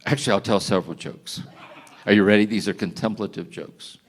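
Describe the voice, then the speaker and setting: An older man telling gentle jokes to a live audience in a chapel, halting and restarting as he goes. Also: on the low side, steady tone. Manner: gentle, halting storytelling with restarts and soft laughs. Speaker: retreat speaker.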